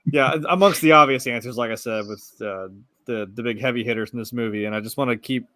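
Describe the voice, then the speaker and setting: A man's voice: mid-range voice, a little fast, sharp tone, no echo, clean studio sound. A man co-hosting a casual movie review chat over a video call, laid-back, swearing freely and laughing often. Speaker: podcast co-host.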